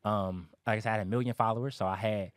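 A man's voice: lowish voice, fairly even intonation, fast, no room sound, clean studio sound. A man in his thirties telling his life story in a casual interview, candid and emphatic, swearing freely.

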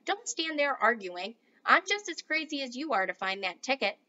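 A sly old grandfather, as a woman reading aloud puts him on, hushed and conspiratorial, bubbling with nervous excitement. His voice sits fairly high and comes across bright and forceful. The storybook recording sounds a little dull and lo-fi. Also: moderate pace, heavily acted. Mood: eager. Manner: whispering, conspiratorial.

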